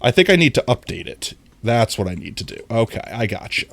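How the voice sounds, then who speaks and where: A man's voice: medium pitch, sing-song, brisk, gravelly, fairly bright tone, no echo. A man streaming a game, chatting casually with his viewers, with a somewhat nasal voice. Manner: chatty, talks to viewers while playing. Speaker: livestreamer.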